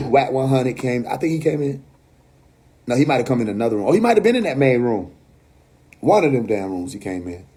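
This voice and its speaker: Broadcasting a phone livestream from home, a New York–accented man rants in a blunt, casual, profane way, breaking into laughter between points. His medium-pitched voice is very animated and brisk, dark in tone with a breathy edge.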